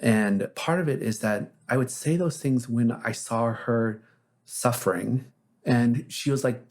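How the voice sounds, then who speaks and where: A man's voice: mid-range voice, darkish tone. A man, a therapist, telling anecdotes as an interview guest in a casual, reflective way with frequent fillers.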